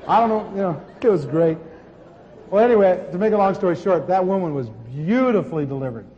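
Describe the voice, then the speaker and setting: A man preaching a sermon and telling healing stories in an animated way, with sudden shouts. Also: high-pitched, a little fast, highs cut off. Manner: animated storytelling, bursts of shouting. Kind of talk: sermon teaching with testimony. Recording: long hall reverb.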